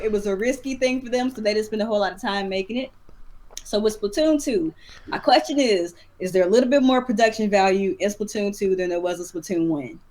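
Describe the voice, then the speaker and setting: A woman hosting a casual group chat about games, chatty and quick to laugh. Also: on the high side. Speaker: host.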